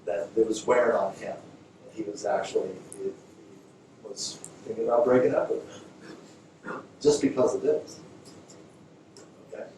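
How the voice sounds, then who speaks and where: A man gives a storytelling lecture as a yoga teacher, talking casually and jumping into a higher, louder voice whenever he quotes a conversation. He is recorded from a distance in a very echoey room, with a faint hiss underneath. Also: moderate pace, pauses often. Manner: conversational, acts out dialogue in a raised voice.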